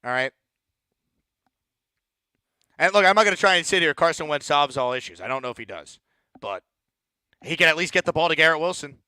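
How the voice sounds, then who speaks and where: Fired-up, bright-voiced sports host. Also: male voice, a little high, lively intonation, a little fast, long pauses, clear, resonant tone, no room sound, clean studio sound. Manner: blunt, fired-up, repeats words when heated. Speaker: sports talk show host. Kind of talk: postgame call-in show rant.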